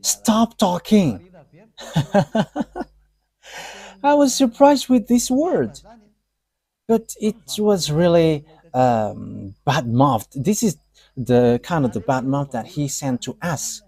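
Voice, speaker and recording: A man preaching a live sermon, talking in short, halting, broken phrases. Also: on the high side, sing-song, warm tone.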